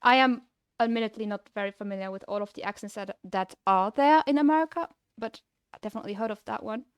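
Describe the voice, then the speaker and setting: A woman's voice: mid-range voice, fast talker, clear, resonant tone, dry recording, studio quality. A young adult woman with a German-sounding non-native English accent, chatting casually with her stream viewers in a rambling way that is full of restarts. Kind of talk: casual live-stream chat.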